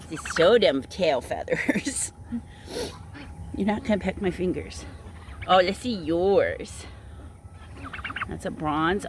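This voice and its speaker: Low-voiced woman cooing at her turkeys. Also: expressive, slow, long pauses, slight background noise. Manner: cooing and doting, breaking into soft laughs and whispers. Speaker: small farm owner. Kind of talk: casual talk to her animals on camera. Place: outdoors on a farm among poultry.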